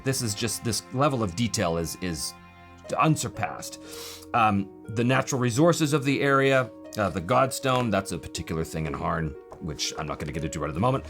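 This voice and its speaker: Male host, mid pitch, eager and rambling, casual walkthrough, light background music. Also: a bit bright. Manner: enthusiastic, rambling, many fillers and restarts. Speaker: channel host reviewing a game book.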